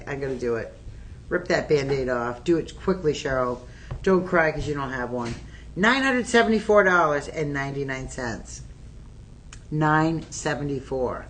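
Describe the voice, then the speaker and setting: A woman with a low voice runs a live shopping stream, chatty and excitable, talking straight to her viewers. She films on her phone, with a faint rumble underneath. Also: moderate pace. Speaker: shopping channel host. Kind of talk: live-stream sales pitch.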